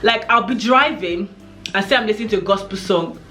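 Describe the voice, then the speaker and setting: A young pregnant woman vlogging in a chatty, animated way, telling stories to camera. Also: medium pitch, a little fast. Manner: chatty, animated storytelling with many "like" and "oh my God". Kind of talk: casual chat to camera.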